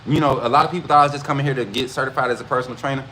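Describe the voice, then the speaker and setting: A man hosting a casual football livestream, talking straight to his chat with animated, repetitive hype. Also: medium pitch, racing, slight background noise. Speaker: host of a college football livestream.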